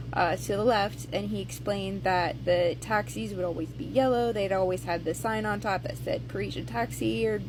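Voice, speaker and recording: Woman telling a story over noise. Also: mid-range voice. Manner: conversational retelling, with hesitations and acted-out quotes. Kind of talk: casual storytime.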